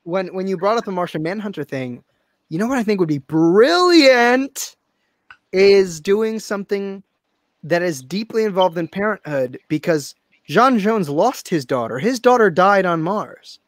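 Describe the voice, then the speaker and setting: An animated man co-hosting a comics talk show, laughing as he tosses out story ideas. His voice sits a little high and the sound is dry and close. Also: measured pace, dry recording. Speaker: podcast co-host. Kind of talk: casual chat.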